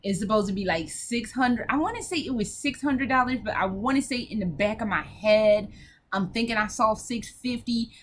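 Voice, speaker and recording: A woman's voice: on the high side, normal speed, slight background noise. A woman hosting a casual video game vlog, talking in a brash, profane, rambling way with frequent giggles.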